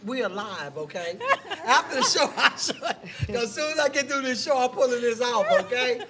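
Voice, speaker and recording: A woman's voice: a little high, animated, a little fast, a crowd in the background. Chatty woman hosting a live talk show. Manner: chatty, laughs often, reads viewer comments aloud. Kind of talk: casual live chat.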